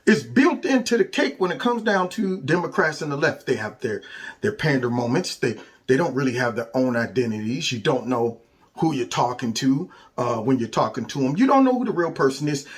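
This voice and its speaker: A man's voice: medium pitch, very animated, fairly quick. A man hosting a political commentary vlog, speaking casually with sarcastic, emphatic jabs and repeated catchphrases. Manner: mocking, sarcastic, emphatic and repetitive; casual, colloquial speech.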